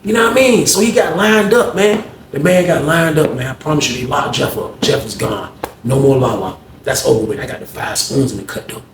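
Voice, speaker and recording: A man telling a story in casual, slang-heavy talk, getting loud when he acts out arguments. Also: a little high, fairly quick, reverberant, slight background noise. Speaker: storyteller host.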